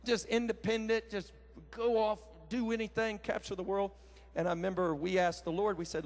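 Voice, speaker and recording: A high-pitched man in his thirties preaching to a crowd. He tells homespun family stories in an animated way, jumping into loud acted quotes. A lively, folksy pulpit style. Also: normal speed. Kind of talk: sermon with personal story. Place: large conference hall.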